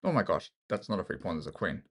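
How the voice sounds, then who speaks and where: An Australian chess streamer talks fast in a deep, very animated voice that's creaky with a breathy edge. Playing online chess, he thinks out loud in casual commentary, joking and teasing himself.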